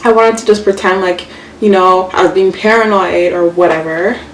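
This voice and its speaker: A young woman vlogger telling a story casually while doing her makeup, chatty and animated, full of fillers and swearing. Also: lowish voice, moderate pace. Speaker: beauty vlogger. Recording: echoey room, mic far off, faint hiss.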